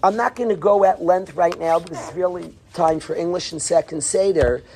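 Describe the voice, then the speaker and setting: A man's voice: fairly high pitch, fairly quick, creaky, a little mellow, a little hiss or hum. A man teaching a Torah class to yeshiva students, earnest, calling on students by name and dropping into whispers.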